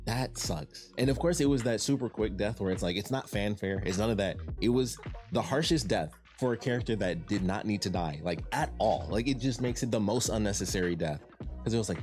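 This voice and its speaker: A man's voice: fairly low pitch, darkish tone. A young man from Detroit reviewing a TV show in a casual, rambling way, full of fillers and restarts. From Detroit, USA. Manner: rambling, repeats words and restarts, many fillers.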